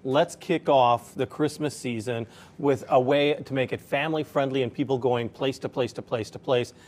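A man's voice: medium pitch, fairly even intonation, normal speed, a little mellow. A man hosting a local TV segment, introducing and interviewing a guest in an upbeat, conversational way. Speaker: local TV host.

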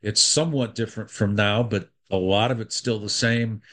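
Guy hosting a radio interview, lowish voice, lots of uh's and restarts. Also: fairly even intonation, a bit bright. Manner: halting, lots of fillers and restarts. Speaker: radio host. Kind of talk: interview talk show.

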